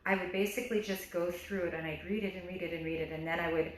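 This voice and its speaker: A woman's voice: on the low side, steady tone, fast talker. A woman who directs and teaches theater, chatting in a rambling way with many restarts during an interview. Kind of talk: casual interview chat. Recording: echoey room.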